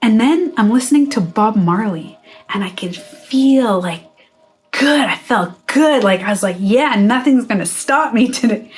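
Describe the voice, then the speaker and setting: A woman's voice: on the high side, animated, measured pace. Candid swearing woman coach. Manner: candid, swears freely, acts out her own reactions. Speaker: beauty and wellness coach. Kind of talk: casual live-stream talk to viewers. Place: indoors, playing music in the background.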